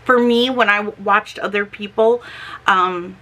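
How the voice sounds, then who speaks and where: A chatty middle-aged woman talks in a casual vlog, her voice bright and forward. She speaks slowly and carefully, and her S sounds come out slightly slurred and lisping from her dentures. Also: medium pitch, fairly even intonation. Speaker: homestead vlogger.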